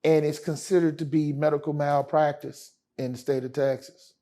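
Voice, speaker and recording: A man's voice: on the high side, flat delivery, normal speed, mellow. A man speaking as a lawyer guest in a casual interview, telling stories in an emphatic, slangy way. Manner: emphatic, slangy, addresses host as man and brother.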